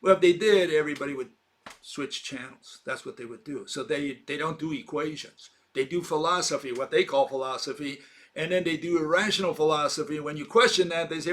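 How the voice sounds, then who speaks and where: A man's voice: on the high side, fairly quick, fairly bright tone. Emphatic man lecturing with fillers. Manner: argumentative, emphatic, with frequent fillers and rhetorical questions. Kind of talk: informal explanatory monologue.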